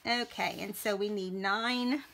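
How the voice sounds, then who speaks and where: Slow, chatty woman crafting. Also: mid-range voice, steady tone, vocal fry, a bit bright, a little hiss or hum. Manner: chatty, thinks aloud while working. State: keeps coughing and clearing throat. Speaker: crafting video host. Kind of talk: casual craft tutorial.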